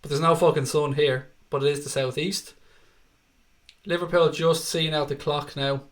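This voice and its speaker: An Irish man with a Dublin accent runs a live football watchalong. His voice sits a little higher than most men's. He chats loosely, swears often and reads viewer messages between quick updates on the game. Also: steady tone. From Ireland. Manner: chatty, swears freely, reads viewer comments aloud. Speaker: livestream host. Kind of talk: live match watchalong commentary and chat.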